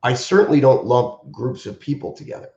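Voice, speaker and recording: A man's voice: mid-range voice, lively intonation, brisk, a little mellow. Man martial arts instructor on a live stream, impassioned and emphatic, roomy dull audio. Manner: impassioned and emphatic, repeating key phrases.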